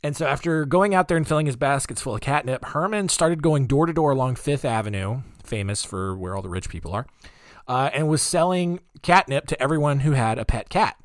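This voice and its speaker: A man hosting a podcast, telling odd history stories in a rambling, jokey way, with a deep morning voice and lots of fillers. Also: animated, fairly quick, no room sound, clean studio sound. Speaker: podcast host. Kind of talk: casual comedic storytelling.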